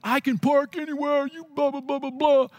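A man's voice: extremely high pitch, little pitch movement, normal speed, darkish tone, no room sound, studio quality, pitched above the performer's own voice. A man doing a cocky, rude young guy. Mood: defiant. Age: 20s. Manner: cocky, defiant. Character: rude, aggressive young man in his twenties.

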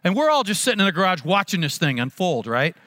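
A man, a pastor, telling a funny story in a sermon with animated, self-mocking comic timing. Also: high-pitched, fast talker.

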